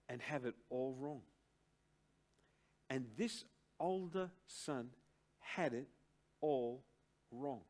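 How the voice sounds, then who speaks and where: An older man preaching a sermon to a church congregation, slow and emphatic, with dramatic pauses and big swings between loud and soft. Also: mid-range voice. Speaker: pastor. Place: church service.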